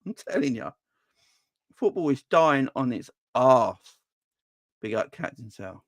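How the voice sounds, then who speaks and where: A man hosting a fan channel livestream, chatting casually and reading out comments, his voice jumping high when he rants. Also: takes it slowly, long pauses, no echo, studio quality. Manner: animated, voice jumps high when ranting.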